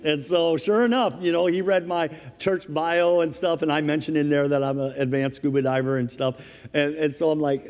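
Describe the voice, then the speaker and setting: A middle-aged man preaching a sermon from the pulpit, his voice mellow and dark in tone. He tells stories animatedly and chuckles as he goes, with a long hall reverb trailing every phrase. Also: on the high side, normal speed. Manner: storytelling, animated, chuckles through anecdotes. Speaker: pastor. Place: church sanctuary.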